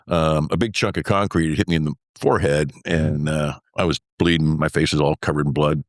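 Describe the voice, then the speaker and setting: Older male guest, low voice, rambling storyteller, dry close sound. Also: fairly even intonation, a little fast, no room sound. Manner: rambling, full of fillers like "uh" and "anyway"; acts out remembered dialogue. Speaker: former military pilot telling his story as guest. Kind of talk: conversational storytelling interview.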